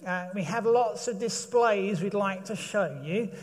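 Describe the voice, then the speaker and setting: A man voicing a fussy, apologetic church museum guide who shows visitors around slowly. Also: sits high, big-room sound.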